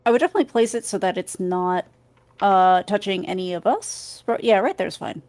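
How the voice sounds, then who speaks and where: A woman's voice: medium pitch, a little fast, a little mellow. A woman playing a tabletop game, casual and upbeat. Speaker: player.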